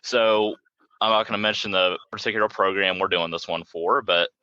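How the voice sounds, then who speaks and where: A man's voice: on the low side, fairly even intonation, moderate pace, sharp tone, no echo, highs cut off. A man, a podcast co-host, chatting casually and easygoing about his pest control job. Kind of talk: casual chat.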